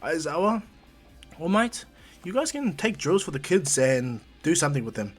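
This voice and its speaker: Man as a small animal headmaster, courteous and formal, husky voice. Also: on the high side, very animated, normal speed, soft background music. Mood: polite.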